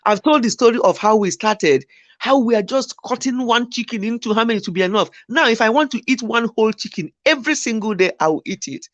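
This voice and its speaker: A woman's voice: on the high side, brisk, no echo. A woman host, chatting casually about marriage and acting out what spouses say. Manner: animated, acts out quoted spouses. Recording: muffled lo-fi sound.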